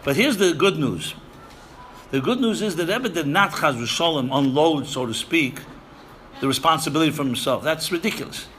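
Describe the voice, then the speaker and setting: Emphatic bright-voiced man lecturing. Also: a little high, animated, moderate pace, slight background noise. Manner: emphatic, repeats phrases, Yiddish and Hebrew terms. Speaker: rabbi lecturing seminary students. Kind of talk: sermon-style lecture.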